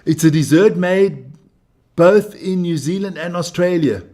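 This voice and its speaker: A man's voice: sits high, measured pace, dark tone. Brash, profane man hosting a rugby live stream. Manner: brash, profane, joking banter; chatty, talks to viewers and people nearby. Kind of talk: live watch-along rugby commentary.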